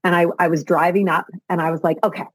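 A middle-aged woman speaks on her solo motivational podcast in a soft, breathy voice that sits at an ordinary pitch. She talks earnestly, repeats her phrases and climbs toward emotional intensity. The sound is close and dry, with no room around it. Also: little pitch movement, fast, dry recording, rough recording. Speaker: podcast host. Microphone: video call.

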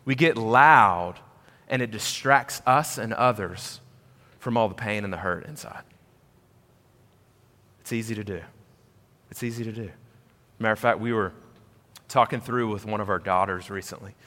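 A man preaching a sermon as pastor, swinging from loud, high emphasis down to quiet, low asides and repeating phrases to drive points home. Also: normal speed, pauses often, big-room sound.

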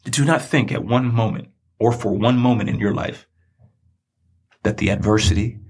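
Male podcast host, husky, earnest sermon-like delivery. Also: medium pitch, moderate pace. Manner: earnest, preacherly, repeats phrases for emphasis. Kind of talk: personal storytelling monologue.

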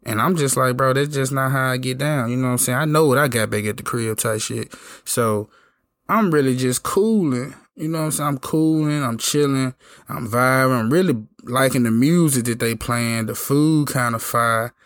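Man, hoarse, gravelly, casual slangy storytelling, dry close mic. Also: mid-range voice, moderate pace, no echo. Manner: laid-back slangy talk, lots of "you know what I'm saying". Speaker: podcast host telling a story.

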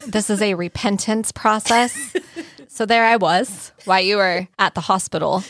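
A woman co-host chats on a podcast in a playful, teasing manner, always ready with a joke. Her voice is mid-pitched. The recording is close and dry. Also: steady tone, normal speed, a bit bright, dry recording. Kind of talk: casual podcast chat.

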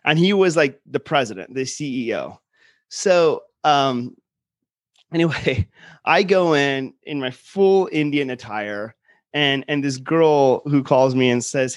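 A man on a podcast telling a prank story with lively quoted voices. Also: medium pitch, a little slow, no room sound, clean studio sound. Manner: animated storyteller, acts out quotes. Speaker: guest. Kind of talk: casual storytelling chat.

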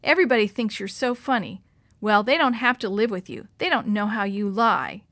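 A woman reading a storybook aloud, voicing an upset young girl who is tearful and angry, in a high, loud, emotional delivery. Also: expressive, moderate pace, dry recording.

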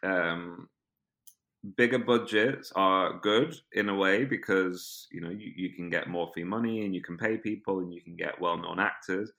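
Bright-voiced British man, low pitch. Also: moderate pace. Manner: rambling, many "like" fillers, animated storytelling. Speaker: guest actor and filmmaker. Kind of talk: casual interview chat.

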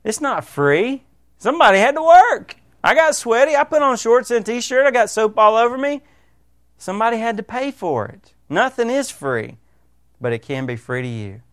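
A man's voice: very high-pitched, sing-song, normal speed, a bit bright, no room sound, studio quality. A middle-aged male pastor preaching a sermon in a conversational way, slipping into the voices of his listeners.

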